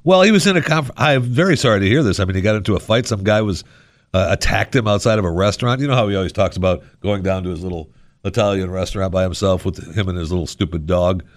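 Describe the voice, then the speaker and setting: A man with a fairly low voice holds forth as a radio talk show host. He rambles with sarcastic asides, close on a studio mic with a dry, dead sound. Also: fast talker, no echo. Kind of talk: casual radio monologue. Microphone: studio microphone.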